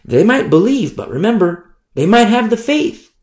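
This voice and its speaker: A man preaching a sermon, emphatic, repeating phrases and letting his voice climb and then drop low. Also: huge pitch swings, normal speed, darkish tone, reverberant.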